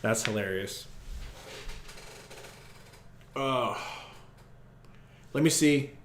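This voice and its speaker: Young male podcast co-host, live play-by-play; bright, unhurried, echoey low-grade mic. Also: slight background noise. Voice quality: profane, partisan fan commentary. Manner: excitable, swings from muttering to shouting. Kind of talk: live fan play-by-play reaction stream. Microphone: poor quality microphone.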